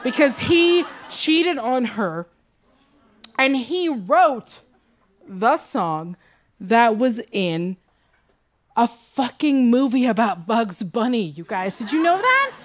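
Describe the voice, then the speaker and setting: A young adult woman performing a stand-up set live, animated and laughing, jumping to high squeals on punchlines. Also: slow. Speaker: stand-up comedian. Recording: live club mic with faint crowd noise.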